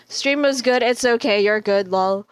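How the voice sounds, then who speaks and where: Brief: woman streamer, teasing and profane, a bit high and smooth, dry close sound. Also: slow pace, dry recording. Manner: teasing, swears casually, laughs often. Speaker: livestream host. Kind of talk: casual chat stream.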